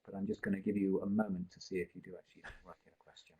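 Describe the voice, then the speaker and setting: A man's voice: low-pitched, little pitch movement, very fast, warm tone, breathy edge, poor audio. A man tutoring a live online pronunciation seminar, explaining at length and thinking aloud with restarts, speaking into a computer mic.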